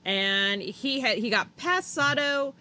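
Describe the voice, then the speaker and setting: A woman's voice: on the high side, animated, slow, bright, forceful tone. A woman co-hosting a casual podcast chat, talking freely, swearing and acting out what others said. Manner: chatty, swears, acts out drivers' lines. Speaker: podcast co-host. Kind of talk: casual chat about motor racing.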